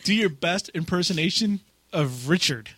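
A man's voice: high voice, animated, moderate pace, a bit bright, dry recording. A man hosting a podcast, chatting casually and teasing his co-host, laughing often. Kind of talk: casual chat.

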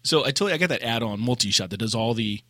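A man co-hosting a casual gaming podcast, telling a raid story with lively acted-out quotes and laughter. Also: mid-range voice, fast, no echo, studio quality. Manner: animated storyteller, acts out quotes. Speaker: podcast co-host.

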